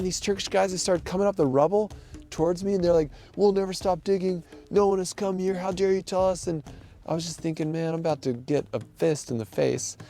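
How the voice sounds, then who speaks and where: A man with a gravelly, low-toned voice tells a rescue story from memory. His delivery is animated and full of restarts and repeated words. The tone is dark and mellow rather than bright. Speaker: volunteer rescue worker recounting events. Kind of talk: casual spoken recollection.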